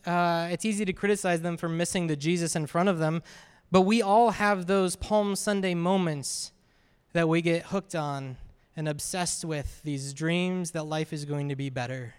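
A man's voice: fairly high pitch, smooth. A man preaching a sermon as a pastor, talking conversationally and often asking the congregation "right?". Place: church sanctuary. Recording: reverberant hall.

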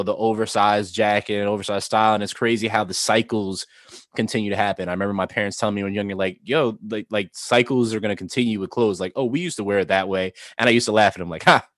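A man's voice: fairly low pitch, fairly bright tone, no echo, studio quality. A man co-hosting a casual sneaker podcast, talking in a rambling, enthusiastic way with many restarts. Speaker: podcast co-host.

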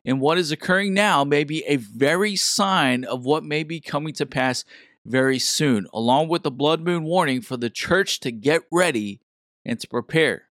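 A man's voice: on the high side, normal speed, fairly bright tone, no room sound, studio quality. A man giving an urgent, earnest sermon-like exhortation to pray. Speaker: preacher.

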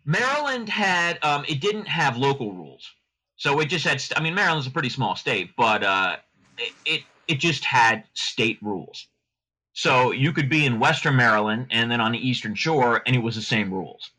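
A man's voice: mid-range voice, lively intonation, moderate pace, sharp tone, poor audio. A middle-aged man, a lawyer, talking as a podcast guest in a rambling, chatty way with frequent restarts. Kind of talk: casual podcast interview.

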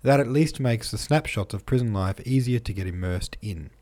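A man hosting a podcast in a relaxed, chatty way, reading out listener comments with frequent ums, troubled by hiccups. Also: on the low side, moderate pace. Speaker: podcast host.

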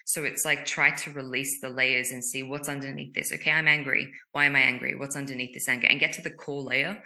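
Very low-voiced bright woman, candid. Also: steady tone. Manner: candid, earnest, quick and emphatic. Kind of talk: casual conversation.

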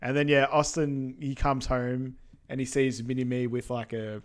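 A man co-hosting a podcast, recapping a film in a relaxed, casual way full of ums and yeahs. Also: mid-range voice, a little slow. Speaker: podcast co-host.

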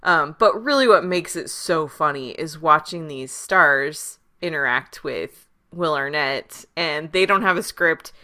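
A woman co-hosting a podcast in relaxed casual chat, rambling with fillers and laughs. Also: low voice, a little slow. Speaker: podcast co-host. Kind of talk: casual chat, recommending a show.

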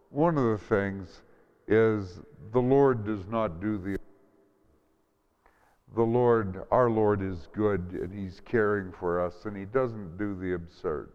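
Slow, smooth-voiced male pastor preaching. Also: lowish voice. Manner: gentle, prayerful delivery with frequent ums and restarts. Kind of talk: sermon. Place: church. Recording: dull, reverberant hall recording.

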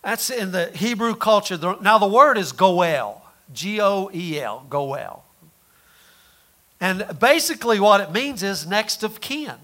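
High, bright-voiced folksy preacher man. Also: animated, measured pace, few pauses. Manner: folksy, repeats words, rhetorical questions, swings loud and soft. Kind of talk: sermon.

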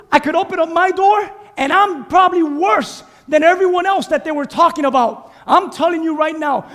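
A male pastor preaching an animated sermon, exhorting and calling out to his congregation. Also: very high-pitched, long reverb tail. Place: church sanctuary.

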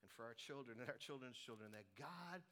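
A man's voice: medium pitch, brisk. A middle-aged man from Colorado preaching a sermon, telling stories with humor and acted-out voices. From Colorado, United States. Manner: animated storytelling with humor and voices. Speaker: pastor.

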